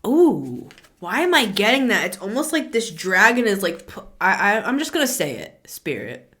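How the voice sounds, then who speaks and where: A woman's voice: mid-range voice, sing-song, normal speed, fairly bright tone. A woman giving a casual spoken tarot reading as a channeler, chatty and blunt, with lots of filler words and some swearing.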